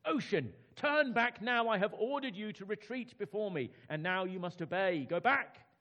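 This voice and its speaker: A man's voice: high voice, expressive, moderate pace, pushed and bright, pitched above the performer's own voice. A man voicing a proud medieval king giving orders, in a storybook reading. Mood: commanding.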